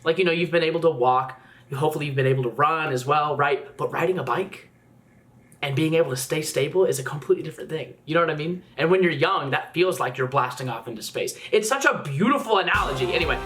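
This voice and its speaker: A man reacting casually to a music video, chatty and gushing with lots of fillers, sometimes jumping higher when excited. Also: fast. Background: music playing faintly.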